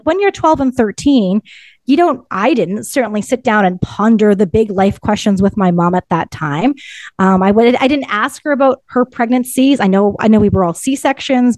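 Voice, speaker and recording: A woman's voice: medium pitch, a little mellow, no room sound. A woman, telling a personal story as a podcast co-host in an earnest, reflective way with many "like" fillers. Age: 30s.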